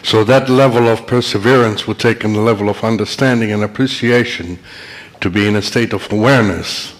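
A man with a fairly low voice moderates a question-and-answer session. He speaks in a measured, reflective way as he sums up the talk and invites questions.

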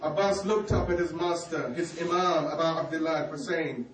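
A man narrates a mourning sermon with emotional, grieving storytelling. His voice is high for a man and comes from a distance. The hall echoes around him, and there is faint ambience in the background. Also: steady tone, moderate pace, few pauses, slight background noise. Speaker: preacher.

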